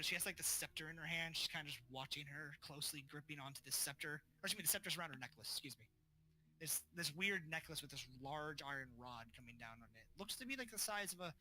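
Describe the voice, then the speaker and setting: A man's voice: on the high side, pushed and bright, low-quality recording. A man narrating as game master in a casual style, with many fillers.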